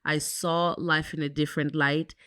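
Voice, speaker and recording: A woman's voice: low-pitched, flat delivery, normal speed, fairly bright tone, no echo, studio quality. A young woman co-hosting a podcast, talking candidly and reflectively in casual chat, with plenty of "um" and "like.". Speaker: podcast co-host.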